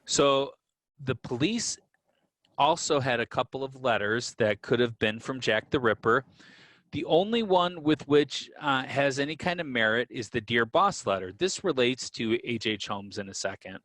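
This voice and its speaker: A man co-hosts a podcast in a loose, conversational way, laying out history with easy asides. His voice sits at a middling pitch. The sound is close and dry, with no room echo. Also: normal speed. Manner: relaxed, with fillers and restarts, explaining history. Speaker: podcast co-host. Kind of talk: casual conversational storytelling.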